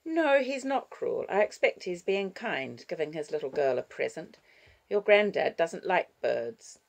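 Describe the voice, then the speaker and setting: A brisk, defensive grandmother whose voice swoops lively up and down, as a woman narrator puts her on. She has a low, gravelly tone in this storybook reading. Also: exaggerated voice. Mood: firm. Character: self-absorbed reluctant grandmother, brisk and defensive.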